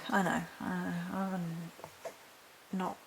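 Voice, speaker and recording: A woman's voice: on the low side, level tone, very slow, creaky, slight background noise, rough recording. A woman vlogger chatting casually through a haul of witchcraft supplies, rambling, backtracking and reading notes aloud from a book. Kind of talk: casual chat showing a haul.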